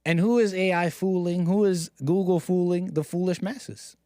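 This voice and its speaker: A man's voice: high-pitched, steady tone, normal speed, warm tone, no room sound, studio quality. Sarcastic male stream host. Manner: sarcastic, mocking, rambling. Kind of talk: live-stream commentary monologue.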